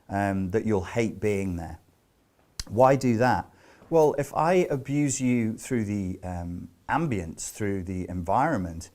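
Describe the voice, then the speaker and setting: Low-voiced man lecturing emphatically. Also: darkish tone. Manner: emphatic, explanatory, with rhetorical questions; loose and conversational with fillers and asides. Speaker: self-help teacher. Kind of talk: spoken lecture.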